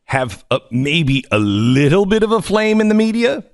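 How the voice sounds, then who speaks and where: A man's voice: high voice, very animated, normal speed, dry recording, studio quality. A man hosting a talk radio show, chatting animatedly and stumbling over restarts. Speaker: radio host. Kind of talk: casual talk radio chat.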